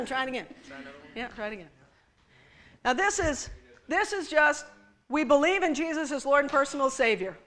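Woman pastor, sermon with props, playful and teasing, crisp high voice. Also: animated, moderate pace, pauses often, pushed and bright. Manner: playful, teasing, addressing the congregation directly. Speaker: preacher.

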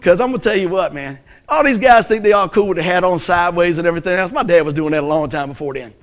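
A middle-aged man preaching a sermon as pastor, animated and joking, telling stories and acting out voices. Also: high voice, fast talker. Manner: animated, joking storyteller who acts out voices.

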